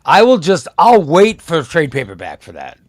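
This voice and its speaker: A man's voice: on the high side, huge pitch swings. A man hosting a casual comics chat, reading out titles and deciding which to buy. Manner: reads titles aloud and decides quickly. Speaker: comic show host.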